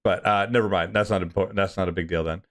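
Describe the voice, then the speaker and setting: A man's voice: sits low, fairly even intonation, quick pace, a crowd in the background. A man playing in a tabletop game, thinking aloud with many hedges and restarts. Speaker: player. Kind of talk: casual tabletop play.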